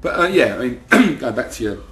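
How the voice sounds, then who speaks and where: Speaking with lively intonation and a bit of brightness, this band member talks a little fast in a mid-range voice, with slight background noise behind him. He's from London, second-generation Irish, and shares rambling, sweary anecdotes during a casual interview.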